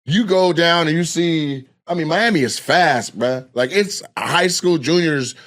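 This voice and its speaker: A man from Washington State, a guest comedian, telling a story in casual, animated, profane chat and acting out other people's voices. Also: on the high side, unhurried.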